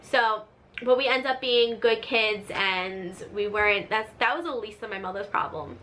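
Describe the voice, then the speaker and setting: A woman hosting her own storytime vlog, chatty and animated, full of filler words. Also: medium pitch, moderate pace, slight background noise. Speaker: vlogger, channel host. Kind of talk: casual storytime monologue.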